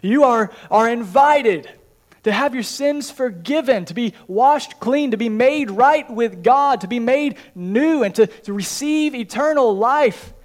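Male pastor, high voice, earnest pleading sermon delivery in church. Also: lively intonation, unhurried. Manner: earnest, pleading with repeated questions.

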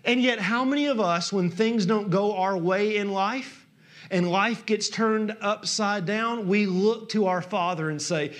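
Southern male preacher, high tenor, impassioned, dips to a hush then builds up. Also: steady tone. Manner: impassioned, swings from hushed to loud, drawn-out emphasis. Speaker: pastor. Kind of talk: sermon.

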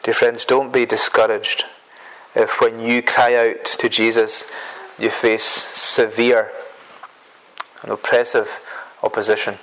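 A man's voice: medium pitch, little pitch movement, takes it slowly, long pauses, a bit bright, low-quality recording. Earnest male preacher mid-sermon. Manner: earnest, repetitive, stumbles on words.

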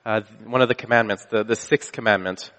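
A man's voice: fairly low pitch, steady tone, fairly quick, a bit bright. A man preaching a sermon, telling a personal story in a casual, conversational way and often restarting his phrases. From Canada. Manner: casual storytelling with frequent restarts and self-corrections. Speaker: pastor. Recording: long hall reverb.

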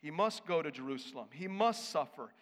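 High, bright-voiced preacher in a hall. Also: male voice, lively intonation, brisk. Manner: emphatic, conversational preaching. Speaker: pastor. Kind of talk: sermon. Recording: echoey hall.

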